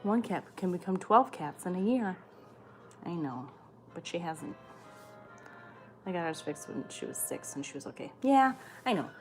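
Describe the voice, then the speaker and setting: A woman's voice: fairly low pitch, animated, moderate pace, pauses often, darkish tone, soft background music. A woman hosting a livestream who reads viewer comments aloud and answers them in blunt, chatty talk, swearing freely. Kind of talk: casual chat.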